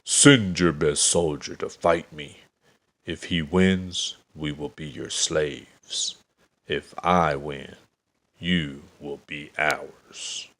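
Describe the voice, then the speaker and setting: A man booming as a roaring giant warrior. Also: fairly even intonation, extremely slow, a bit bright, heavily acted. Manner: roaring, booming, mocking laughter. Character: huge boastful male giant warrior.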